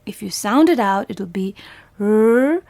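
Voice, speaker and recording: Slow patient woman teaching phonics. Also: mid-range voice, animated, a little mellow, no echo. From Bhutan. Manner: patient, slow, sounds out letters and repeats words. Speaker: primary school English teacher. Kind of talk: phonics lesson for young children.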